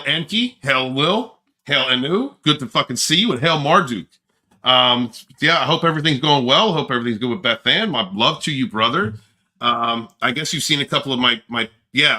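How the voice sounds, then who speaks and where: A man's voice: mid-range voice, pushed and bright. A man hosting a livestream, rambling brashly and boasting, with frequent laughs. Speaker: livestream host. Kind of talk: casual livestream chat.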